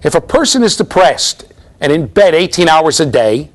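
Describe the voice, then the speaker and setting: A middle-aged man giving a university lecture, animated and storytelling, often checking in with the class. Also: on the high side, normal speed. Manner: animated storytelling, mimics voices, asks the class "right?". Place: lecture hall.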